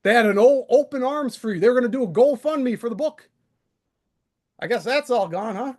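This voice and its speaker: A man's voice: very high-pitched, animated, a little fast. A man hosting a live stream, airing his grievances in a sarcastic, aggrieved rant. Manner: aggrieved, sarcastic, mocking impressions.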